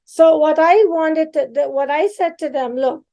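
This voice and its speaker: A middle-aged woman co-hosting a podcast, chatting casually and giving parenting advice in a calm, plain way. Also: high voice, normal speed. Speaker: podcast co-host. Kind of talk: casual chat.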